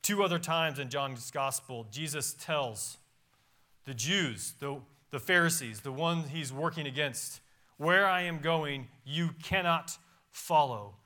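A pastor reads scripture aloud during a church sermon, speaking slowly in a fairly high-pitched voice with a sharp tone. His delivery rises and falls with emphasis, and the setting is a church sanctuary.

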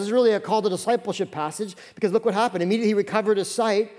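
A man in his thirties preaching a sermon as pastor, acting out the Bible figures in quick voices. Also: sits high, in a large hall. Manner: animated, acts out Bible characters in quick voices.

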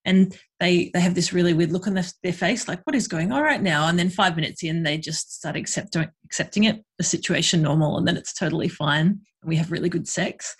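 A woman speaks frankly in a casual podcast chat. She has a husky, slightly breathy voice and a loose, chatty delivery full of fillers. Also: fairly low pitch, steady tone, a little fast, few pauses. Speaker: guest, sex worker and educator.

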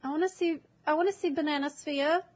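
A woman's voice: sits high, fairly even intonation, quick pace. A woman chatting casually on a stream, asking playful, teasing questions.

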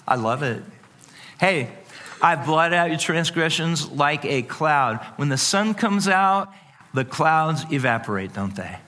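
A man preaching a sermon to a congregation, animated and playful, acting out voices with sudden jumps in pitch. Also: takes it slowly. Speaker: pastor.

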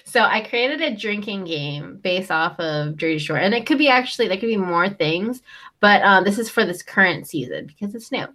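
A woman's voice: mid-range voice, lively intonation, normal speed, pushed and bright. A young woman co-hosting a casual chat, recapping a show with lots of "um" and "like". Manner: chatty, lots of fillers like "um" and "like". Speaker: co-host recapping a reality show.

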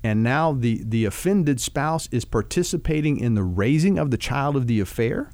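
A man's voice: medium pitch, animated, normal speed, darkish tone, no room sound. Folksy male marriage counselor, dry studio. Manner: folksy storytelling with vivid food analogies. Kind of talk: conversational teaching on a talk show.

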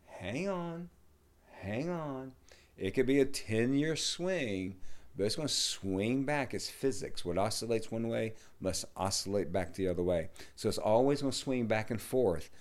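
A middle-aged man, a yoga teacher, talking in a rambling, casual way, swearing and dropping to low mutters. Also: expressive, measured pace. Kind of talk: casual podcast conversation.

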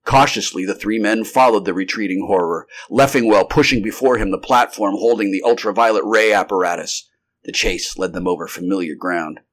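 Low-voiced man reading a story aloud. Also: fairly quick. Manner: occasional restarts mid-sentence. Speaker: amateur audiobook narrator. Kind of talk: unrehearsed live story reading.

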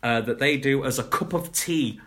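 A man's voice: medium pitch, moderate pace, a bit bright. A young man co-hosting a podcast, chatting casually and rambling about shows, laughing at his own jokes. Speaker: podcast co-host. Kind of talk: casual chat reviewing shows.

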